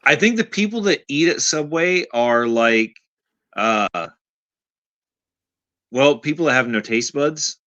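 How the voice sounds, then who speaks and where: Bright, animated man swearing freely. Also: mid-range voice, slow, long pauses, no echo, highs cut off. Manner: animated, swears freely, talks over others. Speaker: podcast co-host. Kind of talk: casual movie-review chat.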